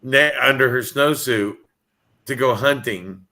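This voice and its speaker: Relaxed male podcast co-host, bright voice, easygoing anecdotes. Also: medium pitch, a little slow. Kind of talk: casual chat.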